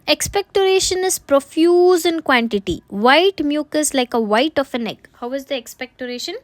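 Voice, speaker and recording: A woman's voice: sits high, expressive, moderate pace, no echo. A woman lecturing on a medical remedy, restating each point and posing questions to herself before answering them. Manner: repeats points, asks and answers own questions.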